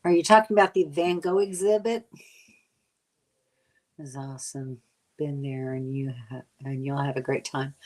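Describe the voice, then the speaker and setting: Older woman, low-pitched, casual live-stream host; rambling, filler-heavy, a bit tired. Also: expressive, measured pace, pauses often, a little mellow. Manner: rambling, chatty, many fillers. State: tired from lack of sleep. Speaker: vlogger answering live chat.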